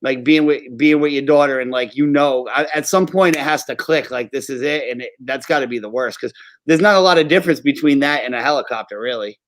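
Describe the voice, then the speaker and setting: A man co-hosting a casual sports podcast, talking haltingly with many fillers. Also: medium pitch. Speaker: podcast co-host.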